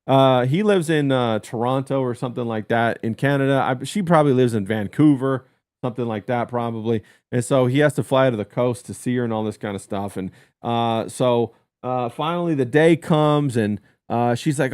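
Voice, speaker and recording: A man's voice: medium pitch, moderate pace, a little mellow, clear, resonant tone, no room sound, studio quality. A man hosting a podcast, telling a story in a crude, rambling way with lots of "uh" and "like". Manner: crude, storytelling rant with frequent fillers. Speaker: podcast host. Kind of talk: casual podcast chat.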